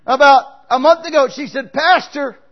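A man's voice: a little high, animated, moderate pace, breathy edge, muffled recording. A male pastor preaching a sermon, telling stories and emphatically urging his congregation to act. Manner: emphatic, exhorting, storytelling preacher.

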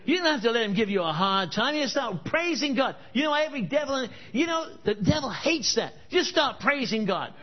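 High-voiced male preacher, storytelling sermon style, muffled lo-fi sound. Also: big pitch swings, moderate pace, few pauses. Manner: storytelling, emphatic rhetorical questions. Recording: dull lo-fi recording.

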